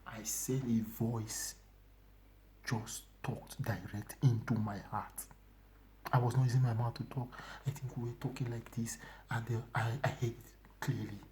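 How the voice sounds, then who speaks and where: A man tells his testimony in a mellow, warm voice. He pushes some phrases out loud, drops others to a breathy whisper and circles back over his own words. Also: medium pitch, little pitch movement, fairly quick, a little hiss or hum. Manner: emotional, swinging from loud emphasis to hushed whispers; repetitive, restarting phrases. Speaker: church brother giving testimony. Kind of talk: personal testimony.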